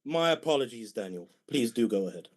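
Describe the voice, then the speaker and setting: A man's voice: mid-range voice, lively intonation, brisk. A man with a British accent debating heatedly, mocking and combative toward his opponent.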